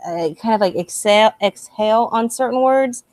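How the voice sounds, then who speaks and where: A woman co-hosting a relaxed gaming talk, chatty and quick to laugh. She swears casually throughout, and the sound is dry and close with no room behind it. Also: on the high side, no room sound. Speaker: podcast co-host. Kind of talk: casual chat.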